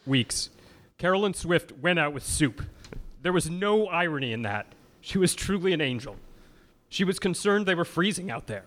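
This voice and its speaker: Expressive man reading testimony. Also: a little high, moderate pace. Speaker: reader at a live oral-history reading. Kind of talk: read-aloud testimony.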